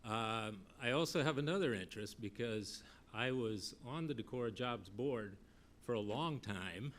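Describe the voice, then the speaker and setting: A man's voice: medium pitch, fairly bright tone, a little hiss or hum. Earnest man giving public comment. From Northeast Iowa. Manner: earnest, measured, storytelling. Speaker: public commenter, former council member. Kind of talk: public comment at a council meeting. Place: city council chamber.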